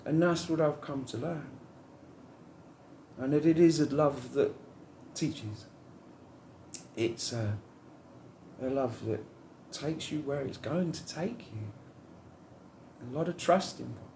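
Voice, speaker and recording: A man's voice: fairly high pitch, slow pace, creaky, pauses often, darkish tone, roomy sound, a little hiss or hum. A man giving a rambling, heartfelt spiritual monologue to camera, musing on love and trust.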